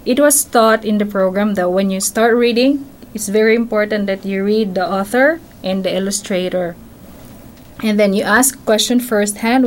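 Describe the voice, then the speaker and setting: A woman, a parent in a reading program, reading a picture book aloud to her child on air, patient and teacherly, pausing to ask him questions. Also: mid-range voice, a little hiss or hum, rough recording.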